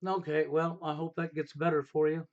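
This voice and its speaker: A man's voice: fairly high pitch, level tone, moderate pace, dull audio. A middle-aged man hosting a live stream, giving emphatic casual advice and often checking in with "okay?". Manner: emphatic, repeats "okay?" to drive points home. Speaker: livestream host.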